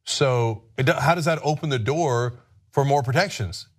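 A man's voice: medium pitch, normal speed, husky. A man hosting political commentary, combative and sarcastic in a heated way. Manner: combative and sarcastic, mocking voices.

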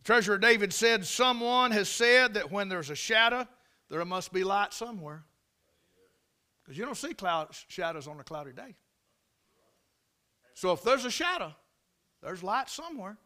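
A man preaching a sermon, telling folksy stories and rising to shouts. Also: sits high, animated, normal speed, pauses often.

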